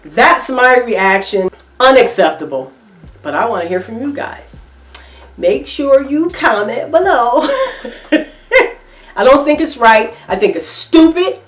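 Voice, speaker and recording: A woman's voice: fairly high pitch, animated, slow pace, long pauses, a bit bright, far from the mic. A middle-aged woman giving emphatic, repetitive opinion commentary in a reaction vlog, with features. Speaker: reaction vlogger. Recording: echoey room, voice off-mic.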